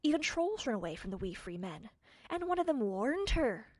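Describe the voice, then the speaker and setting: A woman voicing a brisk, knowing witch. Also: fairly high pitch, big pitch swings, darkish tone, no room sound, clean studio sound. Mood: explaining. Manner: knowing, explanatory.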